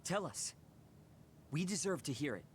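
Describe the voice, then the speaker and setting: A blunt, hot-headed young man in a video game, confrontational and loud in his demands. His pitch swings widely and sits a little high, with a faint rumble behind. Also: sing-song, normal speed. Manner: brash, confrontational.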